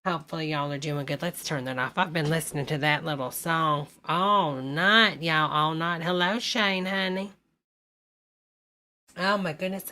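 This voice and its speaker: A woman's voice: on the low side, pushed and bright. An older woman, hosting a casual live stream and chatting folksily with viewers, calling everyone honey.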